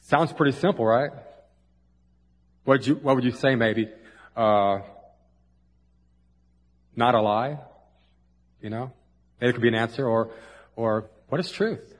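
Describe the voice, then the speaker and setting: A man's voice: mid-range voice, steady tone, measured pace, pauses often. A man preaching a conversational sermon, folksy and full of asides, in a church. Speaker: pastor. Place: church sanctuary. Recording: long hall reverb.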